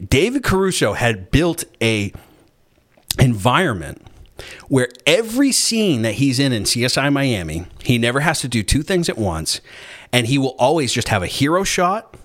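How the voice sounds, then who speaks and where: A man's voice: mid-range voice, huge pitch swings, normal speed, a bit bright. A man hosting a casual chat, retelling a story in a rambling, sarcastic, profane way.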